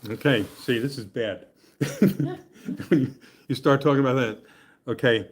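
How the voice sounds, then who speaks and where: This husky, middle-pitched man is very animated yet unhurried, leaving long pauses while teaching a casual Bible study. Between scripture readings he jokes through explanations, laughs a lot, and keeps asking the class "okay?"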